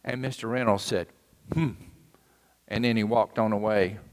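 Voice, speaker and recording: Male preacher telling a story, folksy and earnest, lowish voice, long echo. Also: fairly even intonation, brisk. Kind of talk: sermon storytelling. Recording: long hall reverb.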